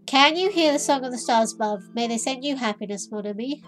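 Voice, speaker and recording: High-voiced, giddy female gamer. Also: a little fast. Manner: loud, giddy outbursts and sarcastic asides. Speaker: let's play host. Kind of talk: casual gameplay commentary. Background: faint game music.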